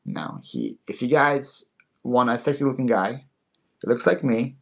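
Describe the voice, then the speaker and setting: A man hosting a casual livestream sale, playful and quick to laugh, often stammering and repeating words. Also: medium pitch, very animated, creaky, a bit bright. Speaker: live online seller host.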